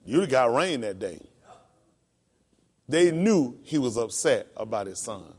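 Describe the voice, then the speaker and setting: Man preaching with wide, lively pitch. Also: breathy edge. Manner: rises into high, emphatic preaching with long drawn-out words; calls to the congregation with "come on" and "y'all". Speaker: pastor. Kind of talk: sermon.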